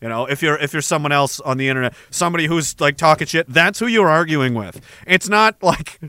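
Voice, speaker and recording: A man's voice: on the high side, a little fast, bright, forceful tone, no echo, studio quality. A man from Canada rambling through a sarcastic, profane comedic rant, laughing between his thoughts. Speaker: vlogger.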